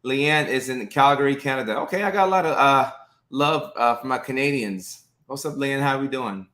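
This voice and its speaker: Speaking at an ordinary pace in a mid-range voice that sounds pushed and bright, this thirtysomething man runs a relaxed live stream. Cheerful and talkative, he calls out viewers by name and leans on plenty of fillers, picked up indoors by a phone or webcam near his face.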